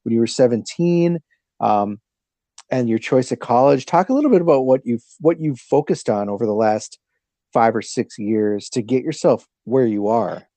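A man hosting a podcast, asking questions in a relaxed, chatty way. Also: mid-range voice, moderate pace, no room sound. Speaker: podcast host. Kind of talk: casual podcast chat.

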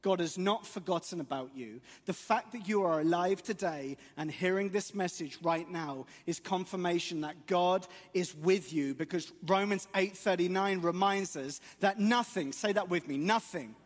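A man's voice: high-pitched, moderate pace, few pauses. A man preaching a sermon in church, earnest and emphatic with occasional light jokes. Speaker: guest preacher. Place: church sanctuary. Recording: long church hall reverb.

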